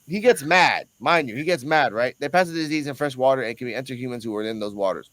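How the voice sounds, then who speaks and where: A man's voice: mid-range voice, quick pace, dry recording, rough recording. A man hosting a show, telling a story casually and with lots of animation and swearing, and acting out the other people in it. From Puerto Rico. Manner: animated, profane, acts out the other people in his stories. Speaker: host.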